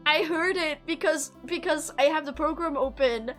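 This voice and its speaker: A woman's voice: high-pitched, normal speed, fairly bright tone, faint music behind. A woman streamer chatting casually to her viewers, giggly and self-deprecating. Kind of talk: casual live-stream chat.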